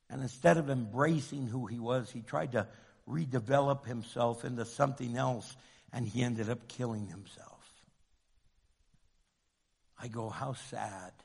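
A man preaching a sermon, swinging from hushed to loud and impassioned. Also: mid-range voice, creaky, breathy edge. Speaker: pastor. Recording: long hall reverb.

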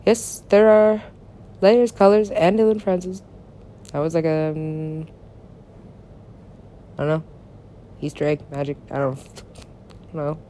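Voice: mid-range voice, little pitch movement, a little slow, long pauses, mellow, slight background noise. A person rambling through a solo monologue, swearing often, laughing and talking to themselves. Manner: meandering, profane, laughs often, talks to self.

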